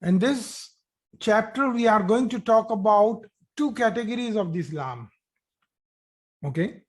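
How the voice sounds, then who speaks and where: A man with a high voice teaches an online grammar class. He explains at an unhurried pace, repeats key points and keeps checking in with "okay?" as he goes. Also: lively intonation. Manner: slow, repetitive explaining with frequent "okay?" checks.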